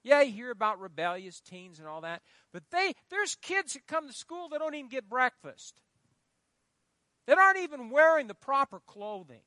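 A middle-aged man preaching in a church, his voice pitched very high for a man and swinging widely in an animated delivery. His tone is bright and forceful, and the sound is close and dry. He presses points hard and pauses to let the congregation call out the next word. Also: no echo. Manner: emphatic preaching, prompting the congregation to fill in words. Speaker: pastor. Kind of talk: sermon.

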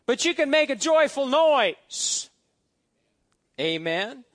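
A man's voice: extremely high pitch, sing-song, takes it slowly, pauses often, a bit bright, no room sound. A middle-aged man preaching a sermon as pastor, reading scripture aloud with exuberant emphasis and folksy asides.

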